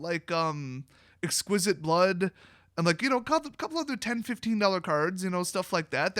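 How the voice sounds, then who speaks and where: A man's voice: sits high, a bit bright, no echo, studio quality. A young man from Wisconsin giving blunt, sarcastic solo commentary as a card game video host.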